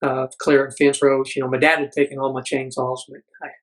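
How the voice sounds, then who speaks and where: A man's voice: medium pitch, little pitch movement, fairly quick, low-quality recording. A middle-aged man, a podcast guest, telling a personal story earnestly, with frequent restarts and acted-out quotes. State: blind military veteran.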